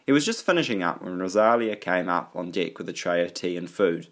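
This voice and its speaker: A man reading an audiobook aloud in a steady, even storytelling manner. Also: deep voice, a little fast. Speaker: audiobook narrator. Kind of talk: audiobook narration.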